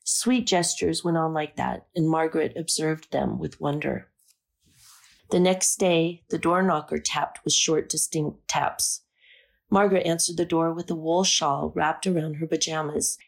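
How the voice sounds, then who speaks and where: A woman narrating a story aloud in a calm, measured reading. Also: low-pitched, vocal fry. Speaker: audiobook narrator.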